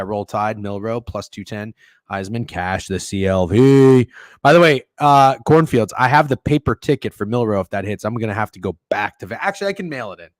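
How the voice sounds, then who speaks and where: A man's voice: mid-range voice, no echo. A man hosting a sports betting livestream, chatting casually with chat and co-hosts in a rambling, profane, joking way, with a sore throat and a cough, close to the microphone. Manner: rambling, profane and joking, with sudden loud outbursts. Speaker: sports betting stream host. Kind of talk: casual livestream chat reading viewer messages. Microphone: close studio microphone.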